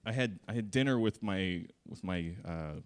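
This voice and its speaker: A man's voice: low-pitched, moderate pace, smooth. A man doing a stand-up comedy set on a theater stage, crude and profane, acting out little voices in his bits.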